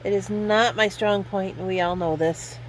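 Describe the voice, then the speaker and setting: A woman's voice: mid-range voice, steady tone, moderate pace, slight background noise, low-quality recording. A woman in her fifties telling rambling personal stories in a casual vlog, self-deprecating and laughing often. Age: 50s. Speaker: vlogger.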